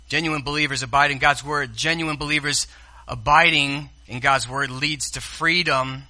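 A man preaching a sermon as pastor, speaking straight to the congregation and swinging from hushed asides to loud exclamations. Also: mid-range voice, moderate pace. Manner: addresses the congregation directly.

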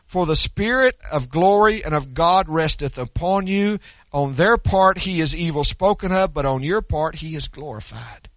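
A man's voice: on the high side, fairly bright tone, no echo. An older man preaching a sermon, swinging between folksy stories and emphatic preaching. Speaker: pastor.

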